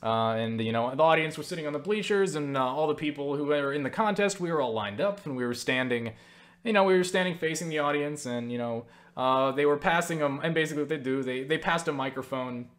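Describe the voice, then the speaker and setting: A young man runs his own channel and answers viewer questions on a webcam mic, his voice a touch high, a touch quick and somewhat bright. He rambles through stories to the camera, packing in fillers like "you know" and "like," poking fun at himself and swearing casually.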